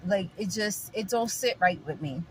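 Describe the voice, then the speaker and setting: A New York vlogger with a New York accent chats opinionatedly with her viewers, calling them guys and being emphatic and repetitive. Her voice is mid-range, with lively intonation at normal speed, over slight background noise.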